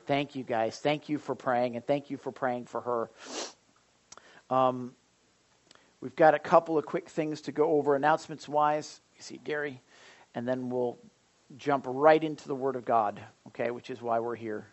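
A middle-aged man pastor leading a church prayer and then giving announcements, folksy and animated with many fillers. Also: mid-range voice, normal speed, lo-fi sound. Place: church service.

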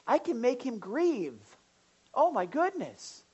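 A woman pastor preaching a sermon in an animated way, now and then acting out the voices of people in the pews. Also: a little high, slow, slightly rough, poor audio. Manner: animated, acts out congregants' voices.

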